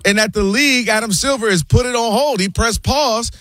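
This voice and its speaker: A man's voice: very high-pitched, fairly quick, fairly bright tone, no echo, clean studio sound. A man co-hosting a sports talk show, making long, impassioned arguments and addressing his co-host by name. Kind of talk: animated sports debate.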